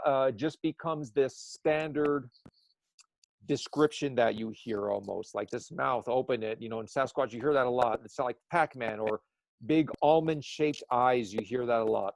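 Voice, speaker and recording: A man's voice: medium pitch, vocal fry, no echo. A man who works as an eyewitness sketch artist, talking in a casual podcast conversation and rambling with many restarts.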